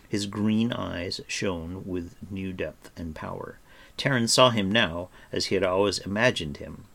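A man narrating a storybook with an expressive reading. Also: low-pitched, creaky.

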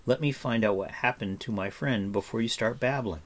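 A man's voice: mid-range voice, moderate pace, close to an everyday voice. Man voicing an earnest young man. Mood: impatient. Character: earnest young male assistant, impatient.

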